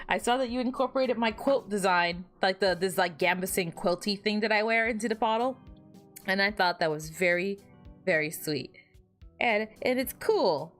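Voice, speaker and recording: Hoarse young woman streamer, casual rambling chat, middling pitch, faint music underneath. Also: expressive, moderate pace, fairly bright tone. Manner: rambling, self-deprecating, frequent restarts and fillers.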